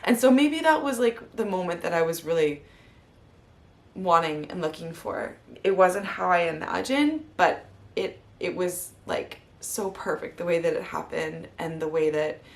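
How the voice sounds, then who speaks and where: Speaking unhurriedly in a fairly low, animated voice, a vlogger and mother in her thirties shares her story candidly. It's heartfelt and rambling, packed with fillers, and she comes close to tears at times.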